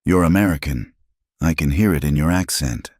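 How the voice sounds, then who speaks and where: A man's voice: extremely low pitch, normal speed, a little mellow, no room sound, studio quality. A man voicing a dutiful young army captain who speaks formally in a storybook tale. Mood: official.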